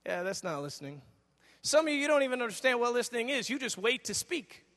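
High-voiced middle-aged man preaching a sermon. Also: quick pace. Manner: animated storyteller acting out dialogue. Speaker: pastor. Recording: long reverb of a large hall.

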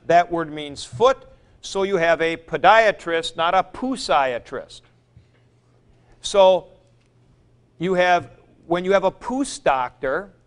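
A man with a fairly high, smooth and clear voice gives a classroom lecture. He speaks slowly and patiently, working through each point step by step and repeating forms aloud as he goes. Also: fairly bright tone. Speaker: Greek teacher. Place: classroom with a board.

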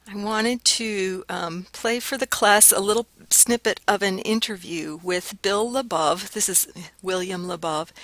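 A woman's voice: fairly low pitch, a bit bright, no room sound. Casual woman lecturing on linguistics. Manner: casual, explanatory, with fillers. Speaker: linguistics instructor. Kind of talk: recorded lecture.

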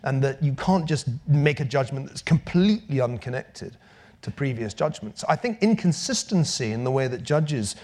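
A male lecturer stands at a lectern for a public lecture and Q&A, speaking with dry wit and lively emphasis, his voice rising and falling a lot. He has a medium pitch and talks at normal speed.

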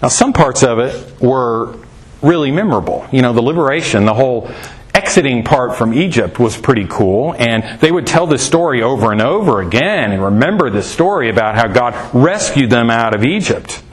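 A man giving a conversational Bible teaching, animated, asking rhetorical questions and swinging his voice up for emphasis, with folksy asides. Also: medium pitch, normal speed. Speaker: preacher.

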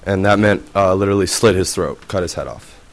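A man's voice: deep voice, a little fast, gravelly. A man presenting to a class, hesitant and full of fillers. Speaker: student presenter.

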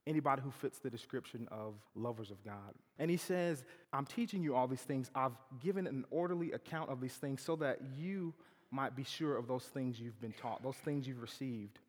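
A man preaching a sermon in a campus chapel, swinging from loud emphatic quotes to soft asides. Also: mid-range voice, moderate pace. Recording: long hall reverb.

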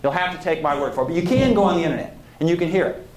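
A man's voice: fairly high pitch, animated, very fast. A man giving a conversational history lecture, digressing now and then and putting questions to his audience. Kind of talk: public lecture. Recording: roomy lecture hall.

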